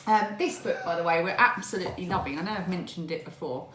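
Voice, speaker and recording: A woman's voice: lowish voice, quick pace, a bit bright, slight background noise. Casual vlogger, woman, breezy and giggly, recorded at home in an echoey room. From England. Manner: chatty, laughs often, reads a long list. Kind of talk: casual home vlog chat.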